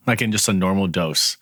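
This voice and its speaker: A man in his thirties chats casually as a podcast co-host, easygoing and fond of self-aware asides. His voice is very low, and the recording is close and dry. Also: a bit bright, husky, no room sound. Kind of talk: casual chat.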